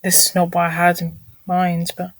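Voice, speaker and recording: A woman's voice: on the low side, completely flat delivery, normal speed, no echo, rough recording. A woman vlogging casually, talking through her screen, apologizing often and muttering irritated asides under her breath.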